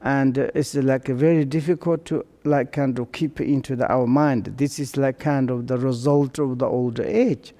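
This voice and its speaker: An older man giving a Buddhist dharma teaching, speaking halting English and searching for words as he goes. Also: medium pitch, fairly even intonation, mellow. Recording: long hall reverb.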